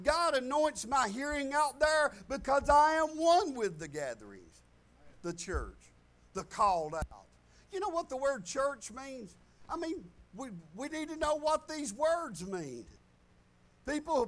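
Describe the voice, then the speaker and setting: A pastor preaching a folksy sermon to his congregation, moving between loud declarations and quiet asides. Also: very high-pitched. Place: church sanctuary.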